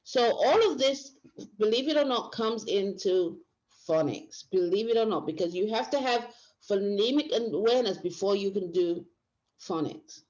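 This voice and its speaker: A woman's voice: mid-range voice, lively intonation, normal speed, a little mellow. A woman teacher giving a workshop lecture, explaining step by step and often restarting her phrases. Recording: dull lo-fi recording.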